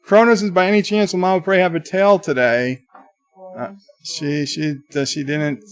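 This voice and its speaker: A man hosting a livestream, reading viewer chat comments aloud in a chatty, halting way. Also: fairly high pitch, fairly even intonation. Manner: chatty, halting, with many restarts. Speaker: livestream host.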